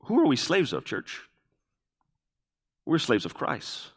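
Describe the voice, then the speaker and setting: A man's voice: mid-range voice, huge pitch swings, slow pace, breathy edge. Preaching man in a reverberant hall. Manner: preaching with rhetorical questions, repeating key phrases. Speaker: pastor. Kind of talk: sermon. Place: church sanctuary. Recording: long reverb of a church hall.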